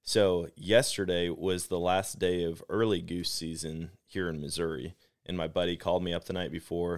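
A man with a very low, deep voice tells a story on a podcast mic, chatty and animated. He leans on "like" as a filler and keeps the telling casual. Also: normal speed, clean tone. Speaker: podcast host.

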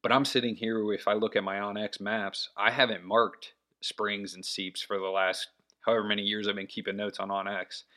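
A man's voice: fairly low pitch, flat delivery, normal speed, pushed and bright. A man talking casually on his own about scouting deer, rambling with many fillers and restarts. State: has the hiccups. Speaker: hunting podcast host. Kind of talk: casual solo talk.

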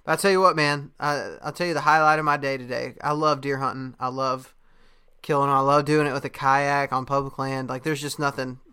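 A man's voice: medium pitch, steady tone, a little fast, sharp tone, clean tone. A young man in casual chat, a podcast host telling a story in a laid-back way, with lots of fillers and laughter.

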